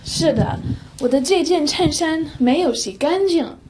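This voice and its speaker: A woman's voice: high voice, expressive, a little slow, darkish tone. A woman playing a hotel guest who politely but firmly raises complaints in a scripted learner dialogue. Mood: complaining.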